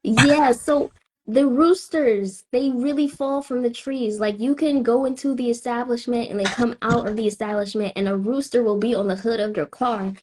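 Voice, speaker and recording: A spoken word poet from Tampa, Florida, a woman with a Southern accent, delivering her lines in a slow, rhythmic way with weighty pauses. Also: a little high, steady tone, a little mellow, a little hiss or hum. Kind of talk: spoken word poetry performance.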